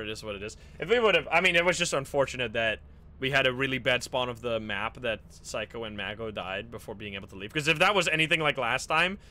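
A man streaming a co-op game with friends, chatting casually, swearing and exclaiming when things go wrong, then dropping to low mutters. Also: bright, forceful tone. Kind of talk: casual live game chat. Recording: noisy live stream audio.

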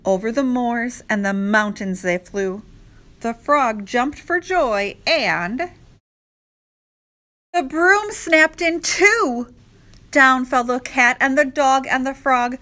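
A woman teacher reading a rhyming picture book aloud to children, slow and expressive. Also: fairly high pitch. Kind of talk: children's read-aloud narration.

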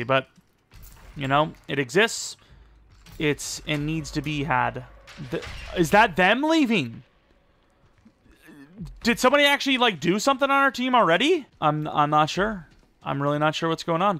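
A young man giving rambling, self-deprecating live commentary over a video game, with sudden excited outbursts. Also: a little high, gravelly. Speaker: gaming YouTuber.

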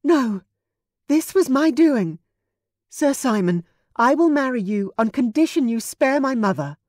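Woman voicing a high, earnest young heroine. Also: very animated, unhurried, a little mellow, no echo, studio quality, full character voice. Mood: desperate. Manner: earnest, composed.

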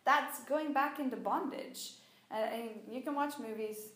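A woman teaching the Bible in a conversational sermon, animated and fond of acting out what people say. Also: high-pitched, measured pace. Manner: animated, acts out quoted voices. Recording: echoey room.

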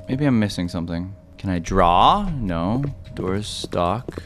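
A young man playing a horror game and commenting, swinging from low mumbles to shrill yelps. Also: takes it slowly. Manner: excitable, flips from mumbling to high-pitched yelps. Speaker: gaming YouTuber. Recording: game music behind the voice.

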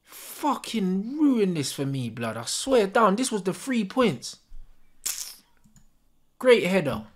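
A man's voice: high voice, very animated, slow. Furious swearing man. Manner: furious, swearing constantly, slangy. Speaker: football fan channel host. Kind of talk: live match reaction rant.

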